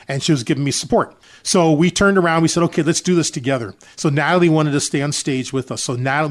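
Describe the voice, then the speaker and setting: An older man, a charity organizer, telling an emotional personal story to listeners, with many "uh" fillers. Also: on the high side. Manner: addresses listeners as folks, frequent uh fillers.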